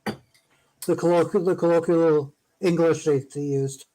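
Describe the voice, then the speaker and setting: A man's voice: a little high, fairly even intonation, measured pace, warm tone, a little hiss or hum, rough recording. A man chiming in on a casual stream chat, joking and laughing often.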